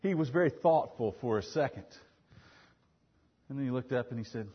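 A man in his thirties preaching a sermon as pastor, emphatic, moving between loud declarations and quiet asides, recorded in a church. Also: mid-range voice, expressive, moderate pace, long pauses, slightly rough, highs cut off.

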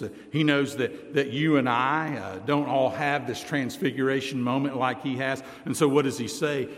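A man preaching a sermon as pastor, reading scripture aloud and slowing down, dropping his voice low to stress key words. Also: long reverb tail. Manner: deliberate preaching, slows and drops low for emphasis, reads scripture aloud.

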